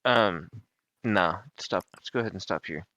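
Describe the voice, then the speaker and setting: A man's voice: sits low, moderate pace, noisy background. A man narrating a tabletop game as dungeon master, laid-back with filler ums.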